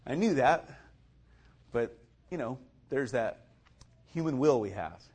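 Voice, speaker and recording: A man with a slow, husky, mid-range voice shares his personal faith testimony as a casual story. He chuckles often, speaks loosely with many fillers, and acts out other people's lines in lively voices.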